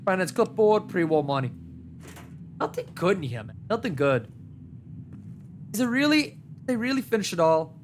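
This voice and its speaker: Animated male streamer with lively pitch. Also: moderate pace, long pauses, slight background noise. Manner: animated, joking trash talk at enemies, big pitch swings. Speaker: gaming streamer. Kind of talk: live gameplay commentary.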